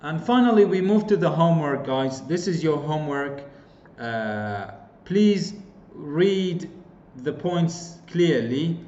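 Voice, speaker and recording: A man's voice: on the high side, lively intonation, slow, mellow. A man with a Kurdish accent teaching an English class online, explaining points with repeated examples and frequent fillers. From Kurdistan region of Iraq. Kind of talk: online lecture. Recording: roomy, dull lo-fi recording.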